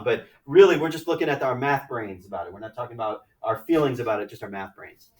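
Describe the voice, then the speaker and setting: A man teaching a high school math class, lecturing conversationally and often checking in with "right?" and "okay?". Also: far from the mic. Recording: echoey classroom, mic from afar.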